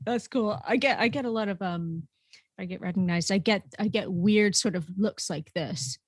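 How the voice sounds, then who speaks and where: A woman's voice: medium pitch, measured pace, slightly rough, no echo. Chatty woman co-host with a dry sound. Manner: laughs often, chatty and playful. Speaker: podcast co-host. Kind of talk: casual chat.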